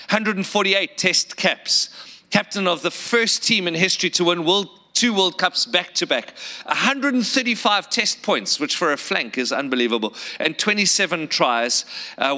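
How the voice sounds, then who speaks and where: A South African man preaching with a very bright, ringing voice pitched a bit high. He talks earnestly, repeats words and asks the listeners questions. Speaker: pastor. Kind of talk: sermon.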